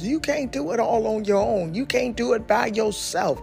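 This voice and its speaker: A woman's voice: fairly high pitch, lively intonation, normal speed, vocal fry, few pauses, darkish tone, soft background music. A woman preacher delivering a sermon in a fervent, emphatic way, repeating key phrases. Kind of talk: sermon with sung worship opening.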